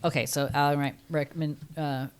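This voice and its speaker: Low smooth-voiced woman podcaster. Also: little pitch movement, normal speed. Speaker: podcast co-host. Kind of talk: casual movie recap chat.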